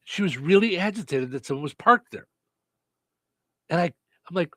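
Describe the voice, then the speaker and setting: A man's voice: fairly high pitch, lively intonation, moderate pace, pauses often, dry recording. A middle-aged man co-hosting a show, chatting casually and telling family stories. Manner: chatty storyteller, many hm-hmms. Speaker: co-host. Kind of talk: casual chat.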